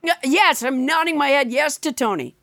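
A woman's voice: sits high, animated, moderate pace, a bit bright, no echo, clean studio sound. A woman co-hosting a casual game chat, patiently describing her gestures step by step. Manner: narrates her own gestures in a patient, explaining way. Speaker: podcast co-host.

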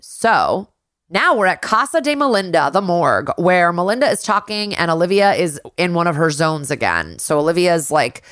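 A woman's voice: on the low side, big pitch swings, moderate pace, a bit bright, dry recording, studio quality. A woman co-hosting a podcast, recapping a TV episode in a chatty, casual way, swearing freely and laughing easily. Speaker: podcast co-host.

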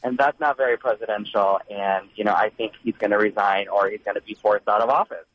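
A man's voice: on the low side, steady tone, brisk, slight background noise. A man calling in to a radio show, talking in an earnest, rambling way. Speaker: caller. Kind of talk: phone-in call. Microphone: phone line. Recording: muffled phone-in line.

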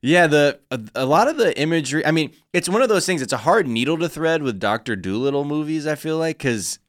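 A man co-hosting a comedy podcast in casual chat, blunt and profane, firing off quick comic riffs. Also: a little high, animated, no room sound, studio quality. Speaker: podcast co-host.

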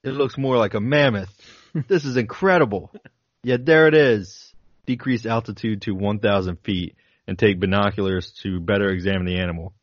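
Low-voiced man reading aloud dramatically. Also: no room sound, lo-fi sound. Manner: dramatic reading with laughs breaking in. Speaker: podcast co-host. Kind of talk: reading a flight log aloud, then casual chat.

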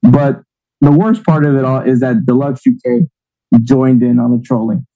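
A man's voice: medium pitch, lively intonation, normal speed, dark tone, dull audio. A man co-hosting a sports podcast, rambling and teasing in casual chat. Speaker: podcast co-host.

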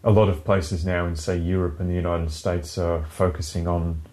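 A man's voice: low voice, little pitch movement, moderate pace, a little mellow. A man co-hosting a casual podcast chat, rambling, swearing freely and laughing often. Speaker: podcast co-host.

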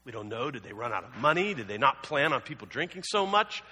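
A man's voice: medium pitch, big pitch swings, fast talker, sharp tone, breathy edge. A man preaching a sermon as a pastor, telling the story conversationally with humorous asides. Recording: long hall reverb.

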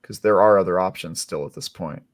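A man co-hosting a casual podcast as a game reviewer, explaining things in a measured way. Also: sits low, no echo, studio quality. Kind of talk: casual chat.

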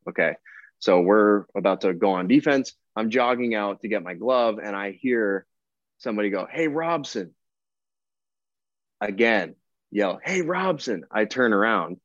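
A man's voice: fairly low pitch, normal speed, no echo. A young man, a pro baseball player, telling a story casually as a podcast guest and acting out the people in it. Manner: relaxed, chatty, quotes people in dialogue. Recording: dull, lo-fi dry sound.

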